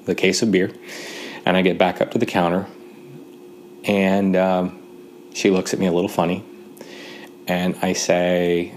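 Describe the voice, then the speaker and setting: A man from Montana telling a wry personal anecdote in a relaxed way, with pauses and fillers. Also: low voice, slight background noise. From Great Falls, Montana, USA. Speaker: storyteller.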